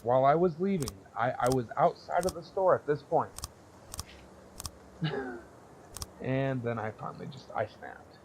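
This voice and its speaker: A young man talks slowly and bluntly, swearing freely as he rambles through a story in casual podcast chat. His pitch sits in an ordinary middle range, and there is a faint hiss behind him. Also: animated. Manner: blunt, profane, rambling with laughs. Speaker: podcast co-host.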